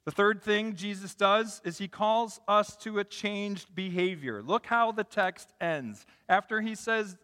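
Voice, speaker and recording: A man preaching a sermon in a large hall, telling stories with emphatic swells and quiet drops. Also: high voice, measured pace, hardly any pauses. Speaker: pastor. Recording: long hall reverb.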